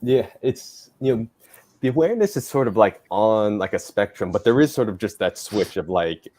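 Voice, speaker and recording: A man's voice: on the low side, normal speed. A man, a guest on a livestream, speaking casually with many fillers. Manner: relaxed, lots of fillers.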